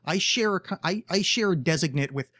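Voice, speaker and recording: Host, male, slightly high voice, rambling and profane, dry close sound. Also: a little fast, pushed and bright, dry recording. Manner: rambling, profane, self-mocking. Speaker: podcast host. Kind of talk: casual chat.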